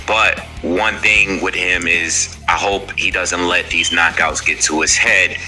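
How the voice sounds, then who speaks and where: A man with a low, deep voice who gives measured opinions in casual chat. His tone is very bright despite the depth. He speaks in a thoughtful, even way. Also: faint music behind.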